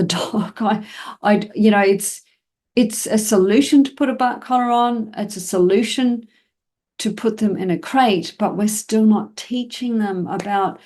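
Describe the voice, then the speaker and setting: Chatty woman podcast host, lowish voice. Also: darkish tone. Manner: conversational, frequent fillers, acts out scenarios. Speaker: dog trainer and podcast host. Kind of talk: casual podcast explanation.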